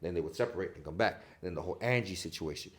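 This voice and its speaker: A man from Chicago, an actor guest on a casual podcast, telling animated stories and acting out quotes with frequent laughter. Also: sits low, rapid-fire. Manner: animated storytelling, acts out quotes, laughs often.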